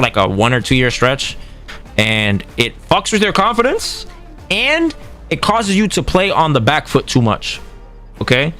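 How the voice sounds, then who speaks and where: A man coaching on a livestream in a casual, profane way, often acting out what other players might say. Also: mid-range voice. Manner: animated, profane, acts out quoted players. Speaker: streamer coaching fighting games.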